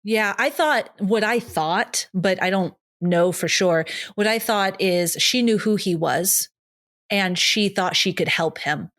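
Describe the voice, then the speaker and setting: A woman in her thirties co-hosts a horror movie podcast, chatting casually in an animated, swearing style and acting out characters' lines with big leaps in her voice. Her pitch is medium and her pace slow.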